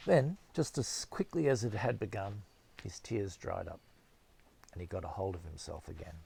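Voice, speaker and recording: A man narrating a novel as an audiobook in a steady, measured storytelling manner. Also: deep voice, vocal fry, husky.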